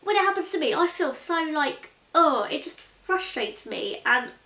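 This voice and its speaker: A vlogger in her twenties talks to camera in an echoey room, her high voice animated and sharp at a moderate pace. She comes across chatty, earnest and exasperated, peppering everything with "like".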